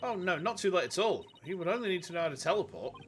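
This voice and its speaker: A man's voice: sits high, very animated, quick pace, a bit bright, soft background music, pitched above the performer's own voice. A man voicing a spirited young woman defense lawyer who talks in a brash, determined way.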